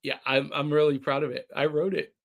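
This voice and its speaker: A man's voice: on the high side, level tone, a little fast, gravelly. A man hosting a podcast, chatting casually and reading listener comments aloud in a jokey way over a remote call. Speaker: podcast host.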